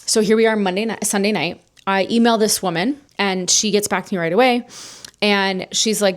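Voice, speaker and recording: Fast-talking woman telling a candid story. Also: mid-range voice. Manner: animated, candid storytelling with quoted dialogue. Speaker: podcast host. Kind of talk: solo storytelling podcast.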